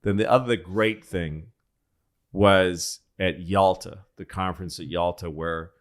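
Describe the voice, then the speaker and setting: A man's voice: deep voice, steady tone, a little slow. A man hosting a comedy podcast, telling rambling, profane history stories in a casual way.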